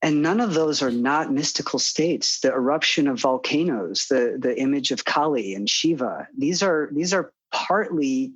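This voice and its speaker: A middle-aged man speaking calmly and earnestly as a podcast guest, sometimes acting out soothing self-talk. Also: a little high, moderate pace, hardly any pauses, husky, no room sound, muffled recording. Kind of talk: interview conversation.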